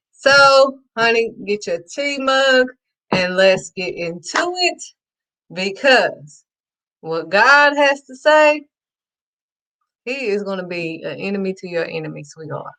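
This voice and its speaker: A woman hosting her own faith talk show, excitedly preaching to her viewers and calling them sweetheart. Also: fairly high pitch. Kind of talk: casual preaching to camera.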